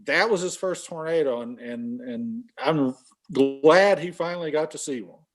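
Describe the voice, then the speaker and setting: A man's voice: fairly high pitch, unhurried, over music. Earnest man with a raised voice. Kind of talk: casual recollection on a podcast.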